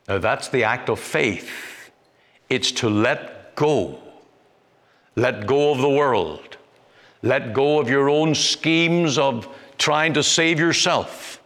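A male Bible preacher delivers a sermon at a very slow, deliberate pace, leaning on single words and leaving long pauses. His voice sits at an ordinary middle pitch. A long hall reverb trails each phrase. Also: a bit bright.

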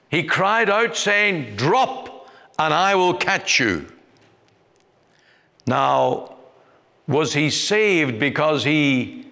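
Slow, deliberate male preacher in reverb. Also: medium pitch, fairly bright tone. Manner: measured, deliberate delivery with emphatic rises. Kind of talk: sermon. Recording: long reverb, like a church hall.

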